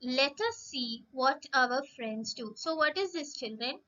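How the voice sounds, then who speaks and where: A woman teacher giving a slow lesson to young children, drawing out words and asking them questions. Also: high-pitched, expressive, pushed and bright, highs cut off. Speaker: primary school English teacher.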